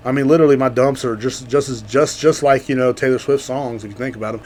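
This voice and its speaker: Alone on his podcast, a male host riffs through a loose, profane comedic monologue, talking fast. His ordinary mid-pitched voice carries a faint hum behind it, and he rambles, lurching from loud, excited outbursts to half-swallowed mutters.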